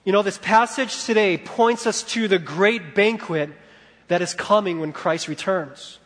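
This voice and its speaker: A man preaching a sermon as a pastor, telling stories with animation and moving between loud and hushed delivery. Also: high voice, a little slow, long reverb tail.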